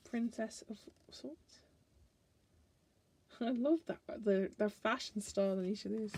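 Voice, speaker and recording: Chatty tarot lady, warm husky voice, giggles a lot, goes card by card. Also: mid-range voice. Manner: chatty, giggly, playful asides. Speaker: tarot reader. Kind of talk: casual deck flip-through.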